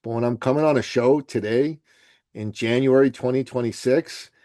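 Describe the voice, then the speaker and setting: A man born in Iran, speaking without an accent as a podcast guest, blunt and forceful, swearing freely and swinging between loud outbursts and quiet remarks. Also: mid-range voice, moderate pace. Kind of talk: forceful opinionated interview talk.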